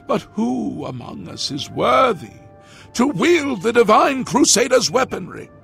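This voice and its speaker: A grim old prophet declaims his warnings in a high, gravelly voice. He speaks slowly and weightily, now and then breaking into shouts. Faint game music plays behind him. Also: big pitch swings, heavily acted. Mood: solemn. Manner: grave, declaiming, prophetic, chants ancient words. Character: grim old male prophet of doom, solemn. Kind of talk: video game voice acting.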